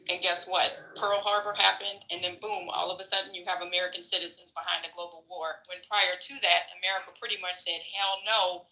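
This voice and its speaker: A woman's voice: on the low side, level tone, fast talker, creaky, hardly any pauses, sharp tone, low-quality recording. A woman sharing frank, opinionated views in a casual political discussion, swearing freely.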